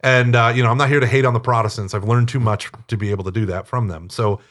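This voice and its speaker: A man being interviewed, telling stories in a talkative, animated way and acting out quoted speech. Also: mid-range voice, quick pace. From United States. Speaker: interview guest, Catholic teacher. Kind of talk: casual storytelling interview.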